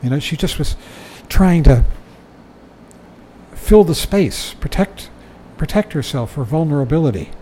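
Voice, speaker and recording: A man's voice: a little high, expressive, measured pace, warm tone, slight background noise, poor audio. An older man giving a dharma talk, reading from a book and commenting in a conversational way, often chuckling and saying "you know".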